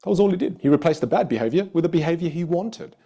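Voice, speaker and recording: A man in the middle of a live online communication workshop, telling stories and playing every person in them. His voice sits a little high and swings widely in pitch. His energy stays up throughout, and he jumps into quoted voices with sudden leaps upward. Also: lively intonation, quick pace, warm tone, husky. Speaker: communication coach.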